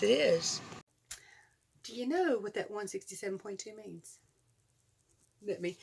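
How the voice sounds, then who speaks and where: A woman in her forties with a Southern US accent, chatting excitedly to her vlog viewers and laughing often. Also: medium pitch, unhurried, vocal fry, pauses often, slight background noise. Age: 40s. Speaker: vlogger. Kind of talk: casual chat to camera.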